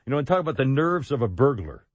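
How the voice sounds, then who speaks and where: A man's voice: mid-range voice, big pitch swings, quick pace, no echo, lo-fi sound. A man hosting a radio talk show in a casual chat style, rambling and self-mocking, on a studio microphone.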